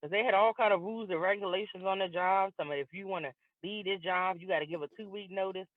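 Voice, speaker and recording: A woman's voice: medium pitch, quick pace, dry recording. A middle-aged woman comedian doing a stand-up set over a video call, telling stories and acting out both sides of each conversation. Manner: lively storyteller acting out both sides of dialogues. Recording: tinny dry video-call audio.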